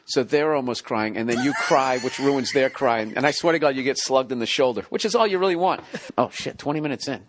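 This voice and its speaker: A man in his forties with a Boston accent, hosting a casual comedic podcast chat, profane and quick to laugh. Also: mid-range voice, a little hiss or hum. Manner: animated, profane storytelling with bursts of laughter. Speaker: podcast host.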